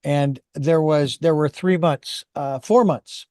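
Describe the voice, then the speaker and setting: A man's voice: on the high side, slow pace, mellow, clean tone, dry recording, studio quality. A man hosting an interview, talking in a rambling, hesitant way with many restarts. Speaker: host.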